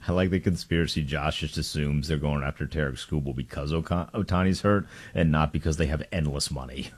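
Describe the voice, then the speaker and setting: Deep-voiced laid-back sports radio man. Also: normal speed, breathy edge. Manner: laid-back, joking, laughs often. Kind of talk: casual sports talk.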